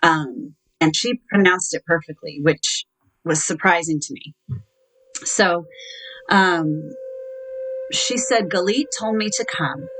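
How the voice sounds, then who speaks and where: A middle-aged woman tells her story at an even, measured pace. Her voice sits on the lower side for a woman, and she often pauses on small fillers before she acts out what was said. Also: low-quality recording. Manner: measured, recounting with quoted dialogue and hesitant fillers. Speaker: interview guest. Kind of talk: telling her own story in an interview.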